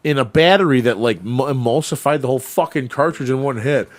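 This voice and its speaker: A man's voice: mid-range voice, fairly quick, dry recording. A man co-hosting a casual podcast, telling wild stories full of swearing and laughter. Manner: profane, laughing storyteller. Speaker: podcast co-host. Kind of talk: casual storytelling chat.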